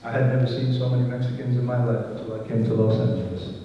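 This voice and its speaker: A man's voice: medium pitch, flat delivery, fast, few pauses, a little hiss or hum. A man gives a reflective speech to an audience, adding a bit of dry humor. He is recorded from far off in a large church hall. The sound is very roomy and somewhat dull. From New York City. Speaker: photographer and speaker at a celebration.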